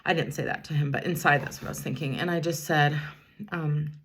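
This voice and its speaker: In a get-ready-with-me chat, a school bus driver in her fifties tells a meandering story as she does her makeup, pausing to discuss her eyeliner. She speaks fairly quickly in a low, steady voice that's fairly bright with a breathy edge.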